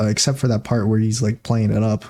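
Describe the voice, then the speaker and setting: A man's voice: on the low side, level tone, fairly quick, a little mellow. Rambling, laughing male podcast co-host. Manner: laughing, rambling recaps with many fillers. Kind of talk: casual chat.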